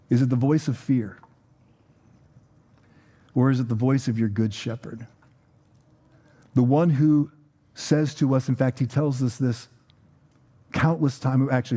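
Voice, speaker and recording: Mellow-voiced male pastor preaching. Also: medium pitch. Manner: conversational storytelling with frequent fillers and repeated words. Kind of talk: sermon. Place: church.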